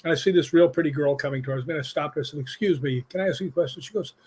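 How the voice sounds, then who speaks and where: With a fairly high, slightly rough voice and rapid-fire delivery, this U.S. stunt coordinator and paranormal investigator shares stories as an interview guest. He's a lively storyteller who performs the voices of the people in his tales.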